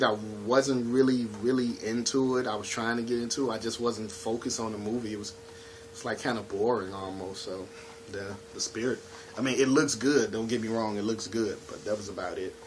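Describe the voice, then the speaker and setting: A man's voice: medium pitch, a bit bright, a little hiss or hum. A man casually talking through his movie collection in a laid-back, chatty way, often asking "you know what I'm saying.". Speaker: home video collection reviewer. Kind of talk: casual video review.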